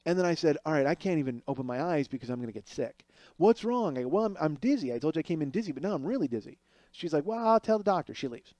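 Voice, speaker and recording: A man's voice: a little high, expressive, racing, mellow, dry recording. A middle-aged man telling a comic story as a podcast host, acting out other people's voices as he goes.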